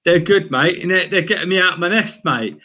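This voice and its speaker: A young man talking football in an energetic, slangy casual chat, calling everyone mate. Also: high voice, a little fast. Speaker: guest fan. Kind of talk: casual fan chat stream.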